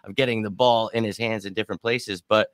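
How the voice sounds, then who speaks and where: A man's voice: lowish voice, steady tone, brisk, no room sound. A man giving confident, explanatory takes on his team's season in a casual sports talk show. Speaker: podcast panelist.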